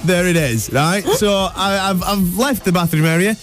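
A man's voice: high-pitched, moderate pace, heavy background noise. A man hosting a breakfast radio show, telling jokey stories in casual banter. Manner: chatty, jokey storyteller. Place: radio studio.

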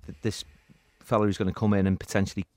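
A man on a football podcast panel, speaking in a measured, thoughtful way with hedges. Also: on the low side, level tone, darkish tone, no room sound. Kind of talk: casual football chat.

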